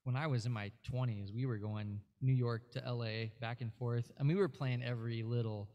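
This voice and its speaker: A man's voice: mid-range voice, steady tone, fairly quick, highs cut off. A man appearing as a guest musician, telling a rambling story in casual interview chat, full of fillers and restarts.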